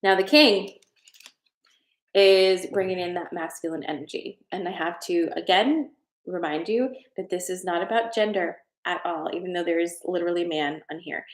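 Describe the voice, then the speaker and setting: A woman's voice: fairly low pitch, moderate pace, reverberant, poor audio. A woman hosting a casual live-stream card reading from her home, chatty and heartfelt as she reads viewer comments. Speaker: host. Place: at home, in a room of her house.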